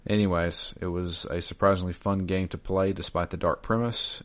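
Very deep-voiced man, relaxed podcast chat. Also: normal speed, hardly any pauses. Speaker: podcast co-host. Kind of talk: casual chat, reading a listener's message aloud.

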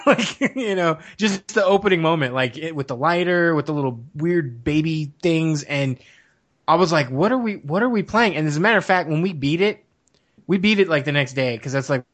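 Man, casual podcast co-host, slightly high voice, rambling laughing storyteller. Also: moderate pace, fairly bright tone. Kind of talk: casual chat.

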